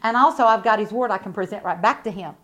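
A middle-aged woman preaching a sermon with fervent conviction, swinging from quiet reflection to loud emphatic bursts. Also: medium pitch, fast, muffled recording.

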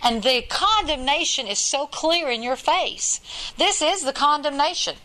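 Woman preacher, earnest and repetitive, higher bright tone. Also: lively intonation, unhurried, rough recording. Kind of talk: sermon.

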